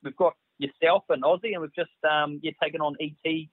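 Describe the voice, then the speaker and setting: A man's voice: a little high, steady tone, a little fast, dry recording. A man, an operations manager, chatting casually and agreeably about his company's boats. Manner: agreeable, promotional. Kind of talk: casual interview over phone. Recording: tinny phone line.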